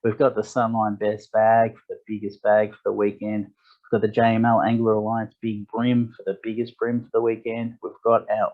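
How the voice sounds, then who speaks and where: A man delivers a fishing tournament briefing in a low voice. He reads the rules and lists in a matter-of-fact way, with small fillers along the way. The audio is dull and lo-fi. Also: a little mellow. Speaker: tournament director.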